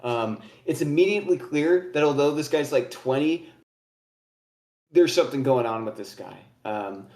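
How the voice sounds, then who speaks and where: Give me a casual young game master narrating a tabletop game with ums and false starts. He has a middle-pitched voice in a roomy, echoey space. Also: animated, normal speed, a little mellow. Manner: casual, many fillers and restarts. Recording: echoey room.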